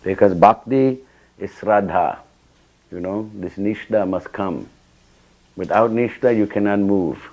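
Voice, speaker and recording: A man's voice: on the low side, unhurried, a little mellow, poor audio. An older man giving a temple scripture class, telling personal stories and acting out the dialogue with sudden bursts of emphasis. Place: temple hall.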